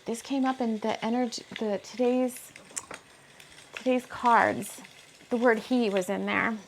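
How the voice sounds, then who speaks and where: A woman does a casual intuitive reading, reading from her own book and wandering off into asides as she thinks aloud. Her voice sits a little high with a noticeable gravelly fry. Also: fairly even intonation, measured pace, slight background noise. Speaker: intuitive reader and author.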